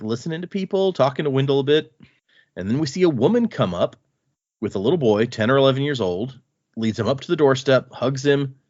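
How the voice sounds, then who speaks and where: Man podcaster, chatty recap, lively pitch, dry dull lo-fi mic. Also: no echo. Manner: animated, chatty retelling. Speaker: podcast co-host. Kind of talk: casual book discussion.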